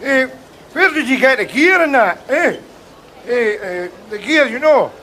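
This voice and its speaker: A scruffy Glaswegian holiday braggart. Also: male voice, extremely high pitch, expressive, measured pace, bright, forceful tone, a little hiss or hum, exaggerated voice. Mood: boastful. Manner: rambling, cheeky, chuckling asides. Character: scruffy boastful Glaswegian working man on holiday. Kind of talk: sitcom acting.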